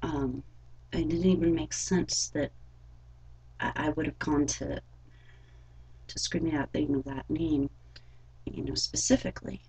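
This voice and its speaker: A young adult woman telling a personal story in a vlog, halting and rambling with many fillers. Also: sits low, steady tone, vocal fry, dark tone, a little hiss or hum, low-quality recording. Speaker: vlogger.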